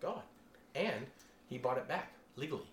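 A man preaching a casual sermon to a small group, animated and chatty, exclaiming as he tells stories. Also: medium pitch, moderate pace, roomy sound.

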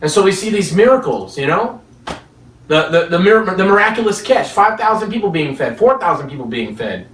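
A man's voice: sits high, sing-song, brisk, fairly bright tone. A man preaching a sermon, telling stories with rhetorical questions and chuckles between points. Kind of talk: sermon with storytelling. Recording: echoey room, distant mic.

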